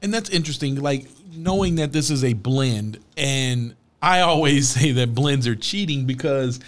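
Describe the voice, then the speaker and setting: A man's voice: medium pitch, animated, moderate pace. A man co-hosting a wine podcast, talking in an easygoing, joking way. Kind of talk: casual chat.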